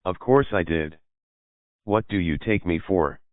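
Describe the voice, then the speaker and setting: Evasive young man voiced by the reader, deep and defensive, dry phone-like audio. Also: measured pace, no room sound. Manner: defensive, exasperated.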